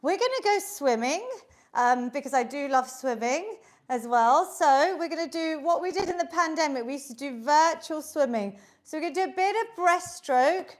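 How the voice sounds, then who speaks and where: Her voice is high and expressive, delivered at a normal speed, as this fitness instructor guides an online exercise class through a video call. Upbeat and encouraging, she counts down the reps while a bit breathless from the movement.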